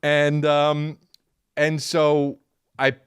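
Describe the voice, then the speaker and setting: A man's voice: a little high, drawn-out words, clear, resonant tone, no room sound, studio quality. A man in his thirties hosting a podcast, telling a comic story with lots of swearing, acting out the people in it. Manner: profane, animated, acts out voices. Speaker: podcast host, comedian.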